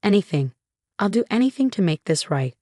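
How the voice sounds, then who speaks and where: A woman's voice: mid-range voice, sing-song, a little fast, mellow, no room sound, clean studio sound. A woman narrator voicing a remorseful father, speaking in a choked, apologetic way. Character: remorseful father, grown man.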